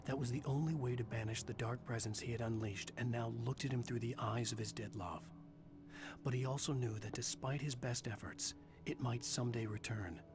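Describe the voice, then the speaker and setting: An actor playing a brooding male novelist who narrates a game in measured, scripted storytelling. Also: mid-range voice, natural voice. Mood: grim. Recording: game audio with loud music.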